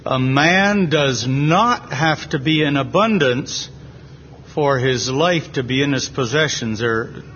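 A North American man expounding a Bible passage in an earnest, deliberate way with pauses, in a dull lo-fi meeting recording. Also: medium pitch, fairly bright tone, a little hiss or hum. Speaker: preacher at a Bible reading. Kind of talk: slow, measured Bible exposition.

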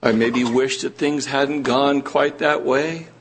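A man preaching a sermon to a congregation in a church room, earnest and slow, pressing his listeners with rising questions. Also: medium pitch, fairly even intonation, slight background noise.

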